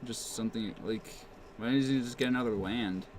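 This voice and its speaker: A man's voice: mid-range voice, brisk, slight background noise. A man giving casual live commentary on a card game match, thinking aloud with plenty of fillers. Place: game store.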